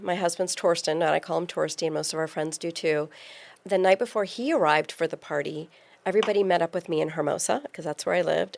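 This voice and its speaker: Gravelly-voiced woman telling a story. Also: on the low side. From California. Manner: lively storyteller, acts out quoted voices. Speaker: podcast guest. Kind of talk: casual storytelling interview.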